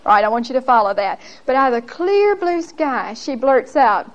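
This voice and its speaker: A woman's voice: high voice, moderate pace, muffled recording. A woman giving a Bible lesson. She tells her stories in an emphatic, folksy way and often laughs as she talks. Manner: lively, laughs often while telling stories. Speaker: Bible teacher.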